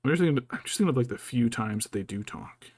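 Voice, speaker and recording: A man's voice: medium pitch, expressive, fast talker, darkish tone, breathy edge, dry recording. A man chatting casually as he paints miniatures, thinking aloud and muttering to himself. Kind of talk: casual chat while working.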